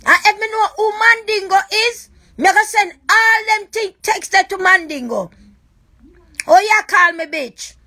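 A woman's voice: extremely high pitch, normal speed, sharp tone. A woman with a Jamaican accent, ranting on a live stream in a raw, accusing, repetitive way. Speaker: livestreamer. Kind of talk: emotional live-stream rant.

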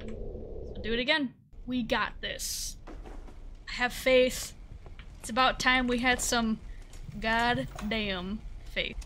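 A young woman narrates her horror game run in a high, bright voice. She talks slowly and mutters at the screen, then shrieks when something jumps out. A faint hiss sits under the recording. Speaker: gaming video creator. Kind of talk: horror game let's-play commentary.

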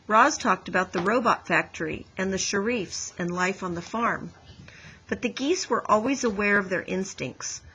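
A woman teacher reading a chapter book aloud to her class over a video call, with clear, explanatory storytelling. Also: mid-range voice, a bit bright, a little hiss or hum, low-quality recording.

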